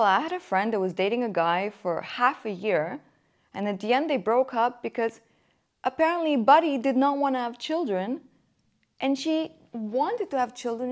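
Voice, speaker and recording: A woman in her thirties hosting a podcast, chatting candidly about dating and acting out quotes as she tells stories. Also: mid-range voice. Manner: chatty, candid, animated storytelling with acted quotes. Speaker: podcast host. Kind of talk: casual chat about dating. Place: Germany.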